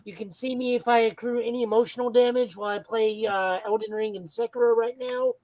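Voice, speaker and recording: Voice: medium pitch, fairly even intonation, a little fast, a little mellow, no room sound, low-quality recording. A podcast co-host chatting casually, plugging his streams with dry self-deprecating humor. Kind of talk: casual chat.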